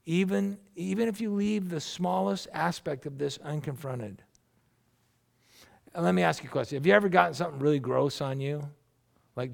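A man's voice: on the high side, creaky. A middle-aged man, a pastor, preaching a sermon in a loose, conversational storytelling way, often restarting his sentences.

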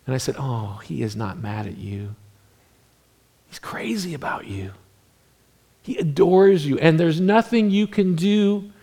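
Male pastor, slightly high voice, chatty sermon that swings between lively and hushed. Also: moderate pace, creaky. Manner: conversational preaching that swings from animated to hushed, near-whispered passages.

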